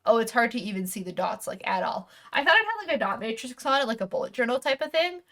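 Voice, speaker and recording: A woman's voice: a little high, big pitch swings, quick pace, a bit bright. A woman streamer chatting casually while unboxing, rambling and correcting herself, with a casual swear here and there.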